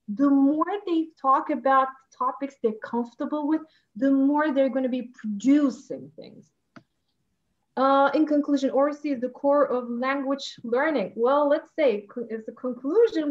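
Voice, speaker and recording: Presenting to an online education conference, a teacher trainer speaks with high-pitched, heartfelt animation, warmly engaging listeners and answering their questions. Her computer mic gives the sound a dull, lo-fi quality.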